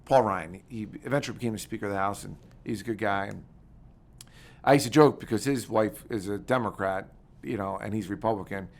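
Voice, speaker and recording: A man's voice: fairly low pitch, fairly quick, creaky. A middle-aged man, a military veteran and former congressman, telling stories in an interview and acting out the conversations he quotes. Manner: energetic, animated storytelling that acts out quoted conversations. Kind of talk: casual interview storytelling.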